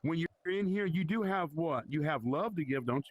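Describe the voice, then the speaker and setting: Higher-voiced man exhorting a Bible study. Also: expressive, normal speed, no room sound, muffled recording. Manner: conversational, exhorting and challenging listeners. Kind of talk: informal Bible study teaching. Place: virtual reality church meetup.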